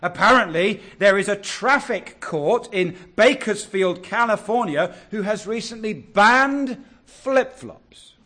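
A man preaching a sermon, earnest and exhortative, drawing out key words slowly. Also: sits high, animated, bright, forceful tone. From England.

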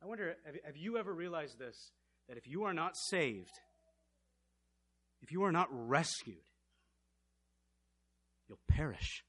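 A man preaching a sermon, swinging from loud passionate outbursts to hushed, intense storytelling. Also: fairly high pitch, big pitch swings, measured pace, pauses often.

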